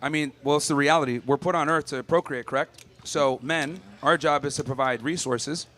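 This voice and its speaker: A man's voice: a little high, steady tone, moderate pace, fairly bright tone. A man on a dating show, arguing his point in a matter-of-fact, lecturing way.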